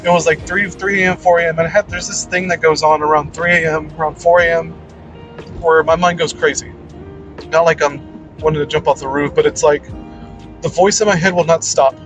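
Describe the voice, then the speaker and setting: A man's voice: on the high side, steady tone, fairly quick, music in the background, poor audio. A man giving a casual, rambling monologue about faith, blunt and full of "like" and "man.". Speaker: channel host.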